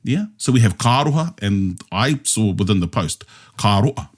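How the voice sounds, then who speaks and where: A man's voice: on the low side, lively intonation, normal speed. A man with a New Zealand accent leading a language discussion, explaining patiently step by step and checking in with his listeners. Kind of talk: explanatory teaching chat.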